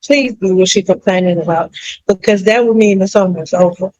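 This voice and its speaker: A commentator reacts to clips in a casual, wry way, sounding tired and amused. The delivery is relaxed and conversational, in a mid-range voice. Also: mid-range voice, brisk, lo-fi sound, background noise.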